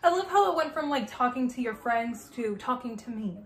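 A young woman hosting a casual reaction video, excitable and gushing, swearing freely and breaking into squeals. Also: on the high side, a little fast. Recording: echoey room with faint noise.

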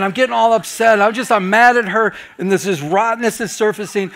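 A middle-aged man, a pastor, telling a personal story during a Bible study, acting out his own reactions with lively swings between loud and soft. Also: high-pitched, quick pace, hardly any pauses.

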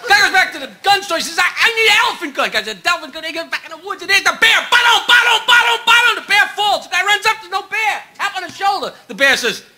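Loud high-pitched man telling jokes. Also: lively intonation. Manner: rapid-fire one-liners, loud punchlines, laughs at his own jokes. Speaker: stand-up comedian. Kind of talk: stand-up joke telling. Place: comedy club stage with live audience. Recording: noisy live club recording with crowd.

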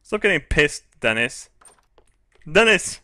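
Excitable crude man doing game commentary. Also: fairly high pitch, takes it slowly. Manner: excitable, crude, shrieks and laughs loudly. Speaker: gaming video host. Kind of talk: let's play commentary.

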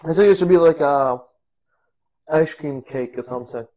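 A man's voice: a little high, normal speed, mellow, dull audio. A man in his own kitchen casually narrating a cooking vlog, goofy and rambling, laughing at himself as he goes. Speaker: cooking vlogger. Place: home kitchen.

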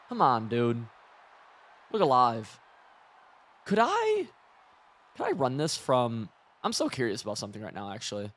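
A young man giving loose, excitable commentary while playing a football video game, chatty and profane, laughing often. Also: mid-range voice, brisk. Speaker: gaming streamer. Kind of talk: live gameplay commentary.

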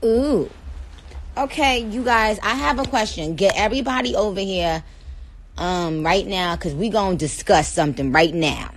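A woman's voice: medium pitch, a little hiss or hum, low-quality recording. A woman with a New York accent chatting casually and playfully to viewers on a phone livestream, stretching out her words with attitude. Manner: sassy, playful, drawn-out words. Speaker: livestream host.

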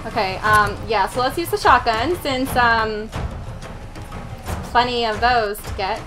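A woman hosting a casual let's play, talking to herself as she plays, jumpy and quick to swear. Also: on the high side. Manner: jumpy, swears freely, talks to herself while playing. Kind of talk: casual gaming commentary. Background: game music and sounds.

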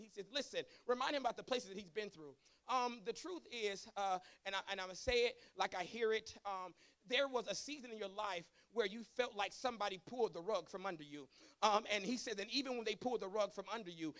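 A man preaching a sermon to his congregation. He swings from chatty asides to fervent shouting. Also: sits high, a little fast. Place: church service.

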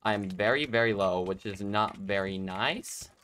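A man giving excitable gameplay commentary, laughing often and talking to himself and his opponents. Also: on the low side, moderate pace, clean tone. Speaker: gaming YouTuber.

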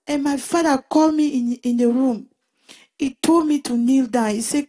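A woman giving a personal Christian testimony in an emotional, halting way, often restarting and repeating her words. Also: high voice, dark tone. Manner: emotional retelling.

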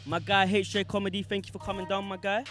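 A man hosting a street vlog, talking in a quick, jokey, energetic way outdoors. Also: high voice, faint music behind. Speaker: vlog host. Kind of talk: casual street vlog chat.

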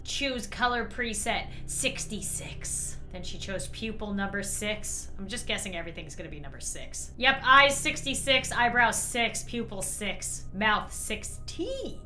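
A woman commenting excitedly on a game as a vlogger, gasping and laughing as it gets scary. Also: on the high side, unhurried, hardly any pauses, slight background noise. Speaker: gaming vlogger.

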